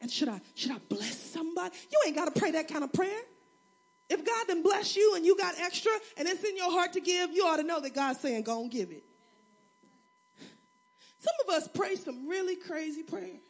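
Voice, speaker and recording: A woman pastor preaching a sermon, acting out voices in her stories and building to shouts. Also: extremely high pitch, moderate pace.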